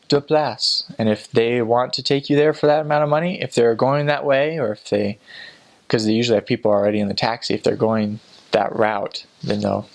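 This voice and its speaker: A young man talks in a loose, rambling storytelling style, full of fillers and false starts. His voice has a gravelly, creaky edge at a middling pitch. Now and then he slips into other people's voices to act out a scene. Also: rough recording. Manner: chatty, full of fillers and restarts, acts out quoted voices. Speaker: returned missionary. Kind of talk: casual storytelling.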